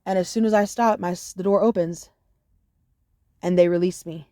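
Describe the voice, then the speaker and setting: Woman, casual storytime, animated and profane, dry close sound. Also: on the low side, normal speed, no echo. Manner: profane, animated, full of fillers like "you know". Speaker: storyteller vlogger.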